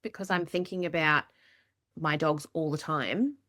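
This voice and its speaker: An Australian woman hosting a podcast in a loose, chatty way, joking at her own expense and swearing in passing. Her voice sits a little low for a woman and sounds dry and close to the mic. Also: unhurried, a bit bright, no echo. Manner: chatty and self-mocking, swears casually. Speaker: podcast host. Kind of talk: casual podcast conversation.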